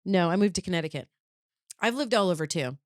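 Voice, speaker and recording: Woman, thirties, faint Upper Midwest accent, low-ish voice, chatty host, dry close recording. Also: animated, quick pace, no echo. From Wisconsin, US Midwest. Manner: chatty, storytelling, many fillers and restarts. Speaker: podcast host. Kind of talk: casual chat.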